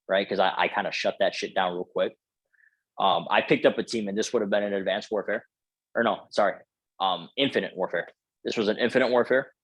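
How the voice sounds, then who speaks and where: A man's voice: fairly low pitch, dry recording, low-quality recording. A man telling a casual, profane story full of filler words as a podcast guest.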